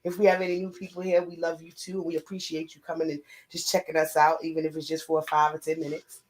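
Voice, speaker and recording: A woman co-hosting a casual live-stream chat with a New York accent, talkative and playful with shout-outs. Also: sits low, monotone, fast, low-quality recording. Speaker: co-host.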